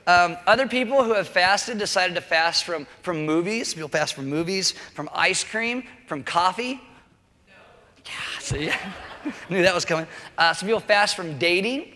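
Man, preacher, casual joking sermon, slightly high voice, long hall echo. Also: moderate pace, sharp tone. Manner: chatty, joking asides, keeps checking in with okay. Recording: long reverb of a large hall.

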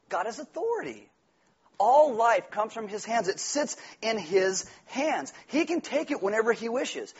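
Husky guy preaching, kinda high voice, jokey and animated, dull lo-fi church recording. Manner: animated, jokey, acts out quotes in loud voices. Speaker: pastor. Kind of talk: sermon. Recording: dull lo-fi sound.

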